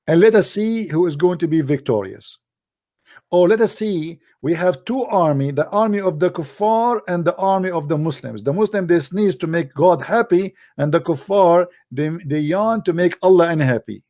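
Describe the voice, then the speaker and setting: A man's voice: high voice, lively intonation, moderate pace, mellow. A man giving a mocking, sarcastic polemical monologue in broken English grammar. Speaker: religious debate commentator.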